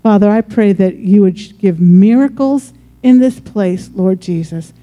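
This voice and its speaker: A preacher with a deeply dark, mellow tone delivers a sermon that turns into fervent prayer. The speech keeps circling back to "Lord God," with frequent restarts. The pitch sits at a middle height. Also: a little slow. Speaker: pastor.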